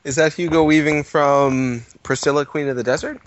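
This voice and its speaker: A man's voice: a little high, steady tone, normal speed, dry recording, muffled recording. A man co-hosting a comedy podcast, making dry, playful asides. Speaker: podcast co-host. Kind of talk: casual comedy podcast chat.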